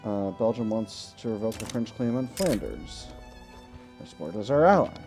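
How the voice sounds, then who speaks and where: A man hosting a let's play, thinking aloud in a relaxed way as he plays a strategy game. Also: on the low side, normal speed, over music. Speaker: gaming channel host.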